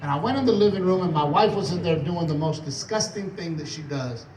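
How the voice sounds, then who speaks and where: A man from Texas doing a profane stand-up comedy set, telling rowdy stories and shouting out impressions. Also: fairly high pitch, brisk. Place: comedy club stage. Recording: echoey club sound from a distant mic under loud audience laughter. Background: loud audience laughter.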